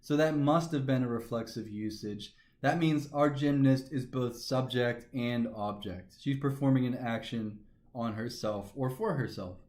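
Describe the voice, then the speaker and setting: A man's voice: medium pitch, measured pace, darkish tone. Methodical male teacher in an echoey room. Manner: methodical, talks through each step aloud. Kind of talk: recorded grammar lesson.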